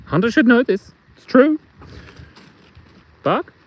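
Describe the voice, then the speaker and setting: A man's voice: sits high, very animated, normal speed, muffled recording. A middle-aged man with an Australian accent, chatting playfully on a live stream and telling jokes while outdoors in the bush. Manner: playful, rambling, tells jokes and reads chat aloud. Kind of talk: casual live stream chat. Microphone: phone.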